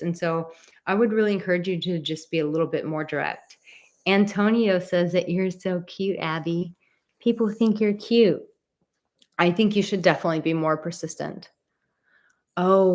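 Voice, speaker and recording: A woman hosting a live-stream advice show, reading viewer comments aloud and answering them in an encouraging, direct way, repeating words for emphasis. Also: darkish tone. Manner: coos in a high baby voice to her dog.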